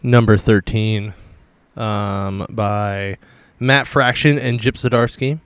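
A man's voice: fairly low pitch, fairly even intonation, slow, smooth, dry recording, studio quality. A man co-hosting a casual comics show, talking loosely with hedges and jokes and trailing off mid-thought. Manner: loose, hedging, jokey, trails off mid-sentence. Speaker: podcast co-host reviewing comics. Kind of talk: casual chat.

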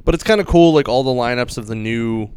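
A man's voice: mid-range voice, fast, a little mellow, smooth. A man casually and enthusiastically retelling a comic book's story on a chat show, full of "like" and "uh" fillers. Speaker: comic book podcast host.

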